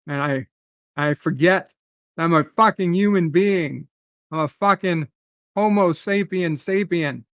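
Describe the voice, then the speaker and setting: A man's voice: on the high side, unhurried, a bit bright, dry recording. A man hosting a live stream, ranting in a rambling, profane way and answering chat comments.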